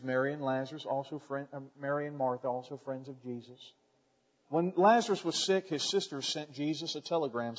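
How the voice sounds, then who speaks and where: A male pastor preaching a sermon, swinging from quiet, slow lines to loud, impassioned passages. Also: a little high, muffled recording.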